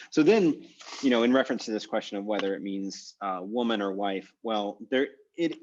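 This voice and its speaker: A man's voice: lowish voice, darkish tone, highs cut off. A man teaching an online language class, thinking aloud with many fillers and restarts. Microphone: video call.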